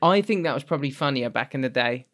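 A man co-hosting a casual podcast chat, animated and laughing often, his voice leaping up when he is outraged. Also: medium pitch, fast talker. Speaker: podcast co-host.

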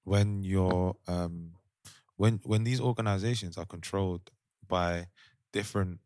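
A man co-hosts a podcast in a casual group discussion, thoughtfully thinking aloud, trailing off and often restarting mid-thought. His deep, a little mellow voice is fairly even and a little slow, in a dry, clean studio recording.

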